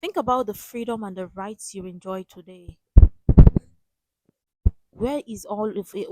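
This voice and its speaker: This is a woman talking casually to her viewers in a reaction video, pressing her points by repeating them. Her voice sits at an ordinary middle pitch. The recording is dry and close, with no room sound around her. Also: moderate pace, pauses often, dry recording, poor audio. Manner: emphatic, repeats key phrases. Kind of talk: casual commentary.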